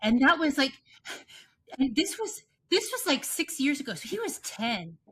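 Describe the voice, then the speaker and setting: A woman co-hosting a podcast who tells stories in an animated way and repeats phrases for emphasis. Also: high voice, measured pace. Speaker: podcast co-host. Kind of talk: casual chat.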